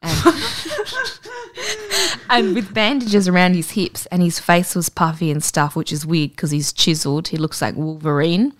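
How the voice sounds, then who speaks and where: A woman's voice: low-pitched, a little slow. A young woman in casual podcast chat, telling stories with lots of swearing and laughter. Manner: swearing, laughing, lively storytelling.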